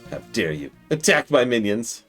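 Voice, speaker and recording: A man's voice: mid-range voice, very animated, moderate pace, fairly bright tone, soft background music. A man reading a haughty, menacing villain. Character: arrogant male villain servant of a nameless master. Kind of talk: reading game dialogue aloud in character.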